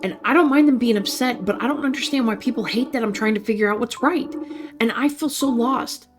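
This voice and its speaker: A woman's voice: a little high, fairly quick, background noise, close to an everyday voice. A woman voicing an earnest young man who speaks hesitantly and doubts himself, while reading interactive fiction aloud. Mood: troubled. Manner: hesitant, self-doubting, stumbling. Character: earnest, unsure young man, anxious and questioning.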